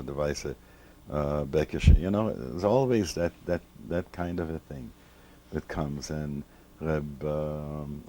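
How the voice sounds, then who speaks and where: A rabbi in his seventies tells an old memory in a very low, mellow voice. He speaks slowly and reflectively, often stopping to restart a phrase. He is being interviewed in his home library, with a faint hiss in the background. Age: 70s. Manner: slow, reflective, with many restarts and repeated words. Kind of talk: reminiscing storytelling in an interview.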